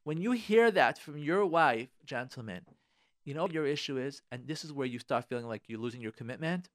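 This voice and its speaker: A man's voice: mid-range voice, lively intonation, a little fast, no room sound, studio quality. A man, a rabbi, giving earnest, direct marriage advice on a radio talk show and repeating phrases for emphasis.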